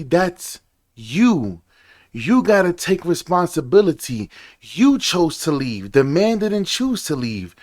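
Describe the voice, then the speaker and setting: A young man hosting a reaction video, ranting casually and swearing often. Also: fairly high pitch.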